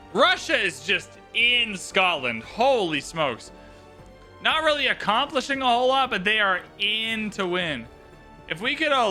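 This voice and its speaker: Relaxed and joking, a man livestreams commentary on a strategy game in a high, very bright voice. He chats with easy, playful asides as faint game music plays in the background.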